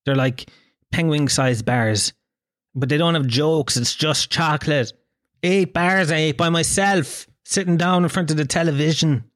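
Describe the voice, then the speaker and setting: A man in his thirties with an Irish accent, a comedian telling a story in casual chat, animated and swearing freely. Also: a little high, unhurried, no echo, clean studio sound. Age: 30s. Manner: animated, swearing, acts out quoted voices.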